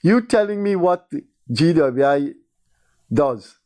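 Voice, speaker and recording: A man's voice: on the high side, lively intonation, takes it slowly, a little mellow. An older man with a Guyanese accent hosting a call-in show, talking in exasperated, rambling commentary. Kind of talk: call-in radio talk.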